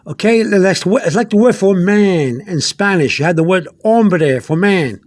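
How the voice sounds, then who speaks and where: A man giving a casual video lesson, rambling with many fillers and repeated words, slowly sounding out foreign words. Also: sits high, animated, a little mellow. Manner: spells out Spanish words slowly. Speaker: Spanish teacher.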